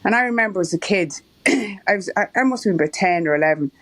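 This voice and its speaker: Animated and fast, with a mid-range voice, this middle-aged Irish woman rambles happily through her stories and laughs often. She's a marathon runner being interviewed in a casual chat.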